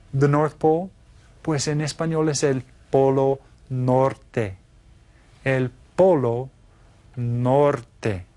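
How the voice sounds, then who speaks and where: A man teaching a Spanish geography lesson, patient and clear, asking learners to repeat. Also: medium pitch.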